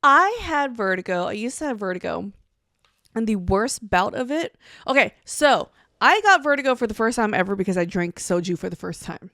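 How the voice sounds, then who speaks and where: A woman's voice: mid-range voice, big pitch swings, normal speed, sharp tone, no room sound, studio quality. A woman co-hosting a casual podcast who tells stories bluntly, swears freely and acts out quoted lines. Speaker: co-host. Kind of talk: casual storytelling chat.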